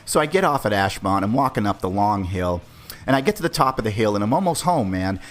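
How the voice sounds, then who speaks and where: A Boston-area man in his forties hosts a podcast, telling a story in a loose, profane, chatty way. He talks fast, with an expressive voice on the low side.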